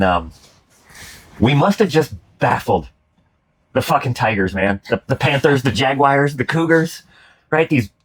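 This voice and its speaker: A man's voice: medium pitch, husky. A man hosting casual chat about comedy clips, rambling with many restarts, swearing and laughing. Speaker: host reacting to comedy clips.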